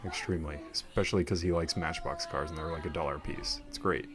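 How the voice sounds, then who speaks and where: A man's voice: a bass voice, steady tone, fast, over music. A young man chatting casually on a headset, telling rambling, laid-back stories as host. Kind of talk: casual chat.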